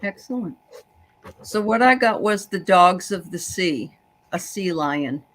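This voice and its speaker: An older woman hosting a medium session, chatting casually and passing on messages, quick to affirm and laugh. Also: on the low side, animated. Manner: affirming listener, lots of mm-hmms, easy laughs. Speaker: host and medium. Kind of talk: casual chat.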